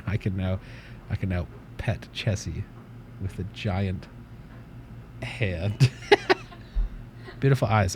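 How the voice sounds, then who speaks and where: A man's voice: low voice, takes it slowly, pauses often, a little mellow, slight background noise. A man hosting a casual livestream from his desk at home, rambling, swearing offhandedly and cooing at his cat. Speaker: livestream host.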